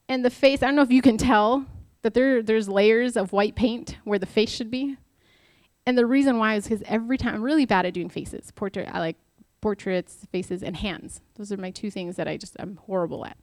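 A woman's voice: fairly high pitch, dry recording. A married woman giving a casual devotional talk, chatty and self-deprecating, acting out the lines she quotes. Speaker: Bible study speaker.

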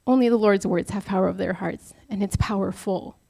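A woman preaching to a church in a lively, laughing, conversational sermon style. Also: medium pitch, fairly quick, vocal fry. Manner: animated, laughing while retelling, addresses the church directly.

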